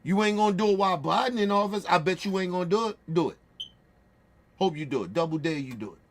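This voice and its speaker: A streamer host, ranting in profane, confrontational bursts, repeating himself as he reacts to news clips. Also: fast. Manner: calms to low wrap-up at the end. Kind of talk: heated reaction rant.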